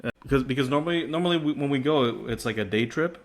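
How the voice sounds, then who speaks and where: A playful male podcast co-host telling a story, stumbling over his words as he restarts. His voice sits at a middle pitch and sounds plain. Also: quick pace. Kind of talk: casual podcast chat.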